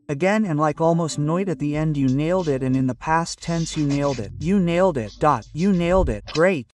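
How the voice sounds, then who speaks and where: Man drilling English phrases, a bit distant. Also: fairly high pitch. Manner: repeats phrases over and over, drilling pronunciation. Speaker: English pronunciation teacher. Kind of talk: phrase-by-phrase language lesson.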